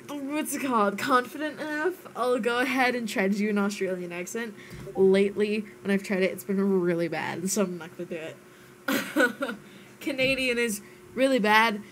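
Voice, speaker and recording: A woman's voice: medium pitch, fairly bright tone, a little hiss or hum. A young American woman streaming a game, chatting casually with friends, giggling and swearing playfully. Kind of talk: casual chat while gaming.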